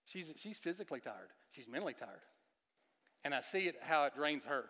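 A man delivers a sermon with a bright, forceful, fairly high voice, swinging between near-shouted emphasis and quiet, confessional passages. He repeats words and puts questions to the congregation. His voice rings out with the long reverb of a church sanctuary. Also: sing-song, a little fast. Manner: emphatic, rising to near-shouts then dropping to hushed, confessional tones; repeats words and restarts, asks the audience questions. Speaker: guest preacher.

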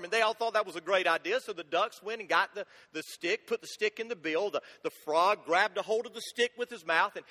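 A preacher speaking in a high, bright voice. He tells folksy stories and drives home each point by repeating it. His voice rings with a long hall reverb. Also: fairly quick, hardly any pauses. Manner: folksy storyteller, emphatic repeats. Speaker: pastor. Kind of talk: sermon.

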